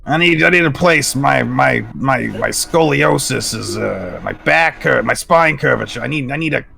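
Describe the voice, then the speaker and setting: A man's voice: medium pitch, lively intonation, moderate pace, vocal fry, bright, forceful tone, heavily acted. A man voicing a crude, grumbling New York man, with a put-on New York accent, swearing often. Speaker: player.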